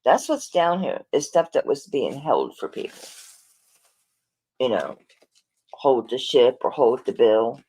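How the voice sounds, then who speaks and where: A woman's voice: extremely low pitch, very animated, a little slow, pauses often, mellow, slightly rough. A woman selling jewelry on a live stream, chatting to viewers in a flustered, rambling way while she searches through orders.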